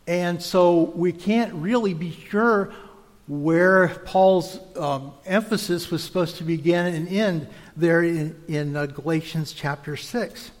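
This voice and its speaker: High-voiced man preaching in a hall. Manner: measured, explanatory, restarts words. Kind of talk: sermon teaching.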